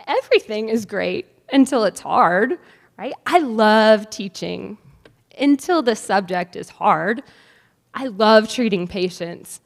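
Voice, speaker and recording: A woman in her thirties, a faculty speaker at a white coat ceremony, telling a personal story in a conversational, chatty way. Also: mid-range voice. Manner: conversational, chatty, with light laughs. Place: large theatre. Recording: long theatre-hall reverb.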